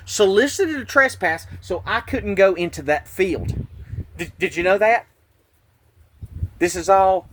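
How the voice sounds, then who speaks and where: A man's voice: sits high, a bit bright. A man, recounting a police stop in an agitated, indignant way and repeating himself. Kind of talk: angry personal vlog.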